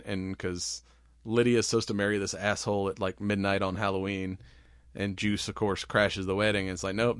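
A man's voice: on the low side, no echo, studio quality. A man casually recapping a film plot in a rambling way, laughing often and swearing freely. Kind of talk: casual movie recap chat.

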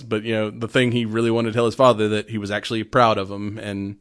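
A man's voice: fairly low pitch, little pitch movement, fast. A man hosting a casual chat, rambling through a movie recap with lots of fillers and laughs.

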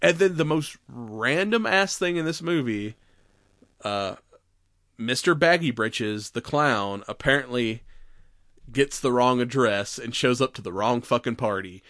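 A man's voice: mid-range voice, lively intonation, unhurried, fairly bright tone, dry recording, studio quality. A man co-hosting a podcast, retelling a film in casual chat, laughing often and acting out its lines. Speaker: podcast co-host.

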